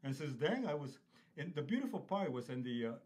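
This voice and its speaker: A man's voice: a little high, sing-song, brisk, darkish tone. Rambling storytelling man in his fifties. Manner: rambling anecdotal storyteller with many fillers. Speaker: podcast guest, stone restoration business owner. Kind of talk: casual podcast conversation.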